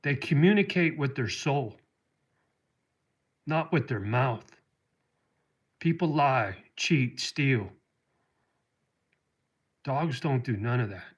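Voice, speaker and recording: Reading viewer comments on his casual livestream, a middle-aged man replies in an animated, husky mid-range voice, speaking slowly and pausing often. His heartfelt talk gets choked up about dogs.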